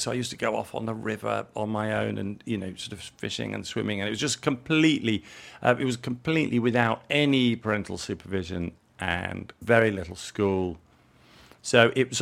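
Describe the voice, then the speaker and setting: A middle-aged man from England, an interview guest who talks in a relaxed, rambling way, repeating words as he thinks aloud. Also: fairly low pitch, creaky. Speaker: interview guest, jewellery designer. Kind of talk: relaxed conversational storytelling.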